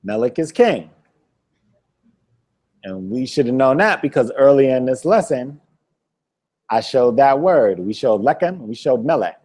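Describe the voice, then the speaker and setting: Animated, unhurried male language teacher. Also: medium pitch. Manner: playful, quizzes the student and laughs often; repeats words slowly for drilling. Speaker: Hebrew teacher. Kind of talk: classroom lesson.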